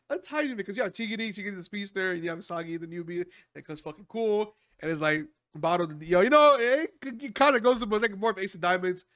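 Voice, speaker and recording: High, bright-voiced excitable young man. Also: dry recording, clean studio sound. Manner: excitable, swears a lot, laughs often. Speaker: anime reaction host. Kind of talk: casual reaction commentary.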